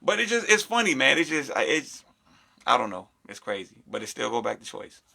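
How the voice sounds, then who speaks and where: Bright, creaky-voiced man talking animatedly. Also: mid-range voice, brisk. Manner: animated, acts out quoted voices. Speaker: podcast co-host. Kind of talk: casual podcast chat.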